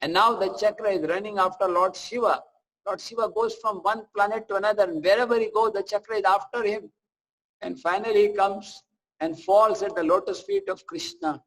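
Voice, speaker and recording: A man giving a scripture class, telling stories in a chatty, animated way with asides to listeners. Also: high voice, normal speed, rough recording. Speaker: preacher.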